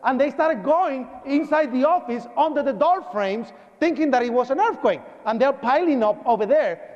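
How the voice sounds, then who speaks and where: A man giving an eyewitness account as a public lecture, telling it dramatically and acting out shouts and sounds. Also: extremely high pitch, animated, moderate pace, few pauses. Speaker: eyewitness speaker. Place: lecture hall. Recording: reverberant hall, dull broadcast audio.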